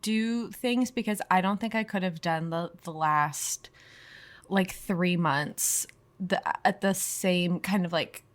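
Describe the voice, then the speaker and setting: A woman's voice: on the low side, takes it slowly. A woman co-hosting a podcast in casual chat, blunt and playful, swearing freely and giggling. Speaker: podcast co-host.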